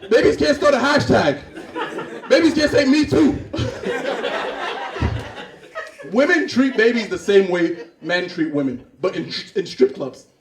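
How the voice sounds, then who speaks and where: A male stand-up comedian from Cameroon performs with a high, animated voice that swings widely. He sounds distant from the mic in a roomy club, with an audience laughing loudly. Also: takes it slowly, pauses often, crowd noise. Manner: animated, acts out scenes and voices.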